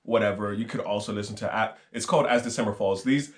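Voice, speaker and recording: A man co-hosting a podcast, chatting casually and rambling with jokes and quick asides. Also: on the low side. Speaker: podcast co-host. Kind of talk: casual chat.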